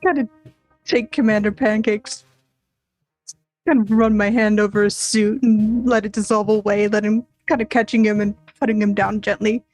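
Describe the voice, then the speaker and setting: A woman playing in a tabletop role-playing game, calmly describing her character's actions. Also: mid-range voice, normal speed, no echo, soft background music, poor audio. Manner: calm, describes actions in third person. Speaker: player.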